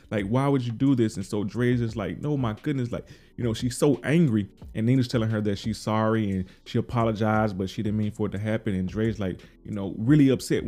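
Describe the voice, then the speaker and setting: Laid-back man with a low, dark voice. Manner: retells scenes acting out lines in quick bits of dialogue; laid-back slangy delivery. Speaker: podcast host recapping a TV episode. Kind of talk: casual solo recap.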